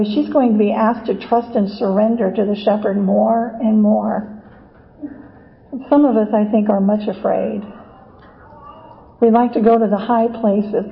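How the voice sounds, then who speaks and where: A woman preaching a sermon in a slow, reflective, earnest way. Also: on the high side, highs cut off.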